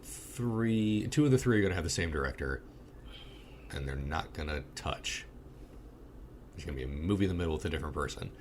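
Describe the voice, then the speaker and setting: With a bass voice and a brisk delivery broken by frequent pauses, a man co-hosts a podcast and reviews a movie in casual chat. His storytelling is blunt, profane, and animated, and there's slight background noise.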